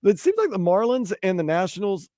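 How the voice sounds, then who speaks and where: A man hosting sports talk radio, bantering and joking in a lively way. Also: high voice, a little fast, dry recording, clean studio sound. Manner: animated, jokey, puts on silly voices for stories. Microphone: studio microphone.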